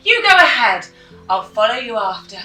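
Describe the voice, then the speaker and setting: A woman's voice: on the high side, very animated, moderate pace, pushed and bright. A woman voicing a big hungry storybook monster. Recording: echoey room, mic at a distance, faint music.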